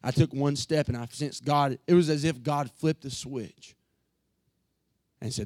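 A pastor preaching an emotional sermon from the pulpit, earnest and building to fervent passages. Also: male voice, mid-range voice, steady tone, unhurried, a little mellow, no room sound.

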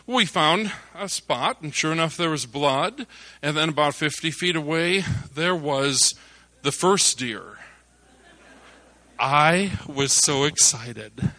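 A male preacher giving a sermon, telling a hunting story with lively bursts of excitement before turning back to scripture. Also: fairly high pitch, measured pace, dry recording. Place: church service.

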